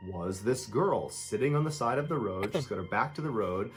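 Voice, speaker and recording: A man's voice: fairly low pitch, animated, normal speed, faint music behind. A man telling true scary stories as scripted narration, with a dramatic delivery that acts out the people in the story.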